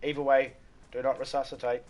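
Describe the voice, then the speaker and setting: A man's voice: mid-range voice, flat delivery, fairly quick, darkish tone. Rambling Australian man streaming live. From Western Australia. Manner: rambling, joking, laughs often. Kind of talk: casual live-stream chat.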